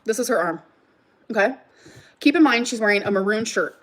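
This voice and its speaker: A woman's voice: mid-range voice, lively intonation, fairly quick. A woman talking straight to her viewers in an agitated, rambling way, swearing often and breaking into nervous laughter. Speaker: livestreamer responding to claims. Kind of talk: emotional unscripted ranting to viewers.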